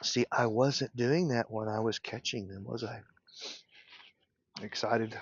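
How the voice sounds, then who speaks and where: A male beekeeper teaching casually while working in his apiary, thinking aloud in an unhurried way and often clearing his throat. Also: mid-range voice, steady tone, no echo, highs cut off. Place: outdoor apiary.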